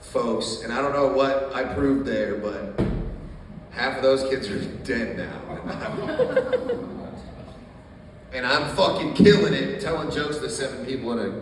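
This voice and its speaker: A man doing a stand-up set in a small coffee shop, telling dark jokes in a deadpan way with plenty of swearing. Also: medium pitch, takes it slowly, pauses often, very echoey, big-room sound, far from the mic, noisy background. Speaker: stand-up comedian.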